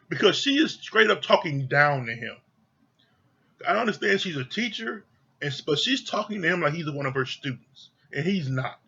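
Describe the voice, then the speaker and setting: A man's voice: on the high side, bright, forceful tone, slightly rough, muffled recording. A man giving a casual, blunt TV review rant, swearing freely and sounding exasperated. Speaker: reality TV reviewer.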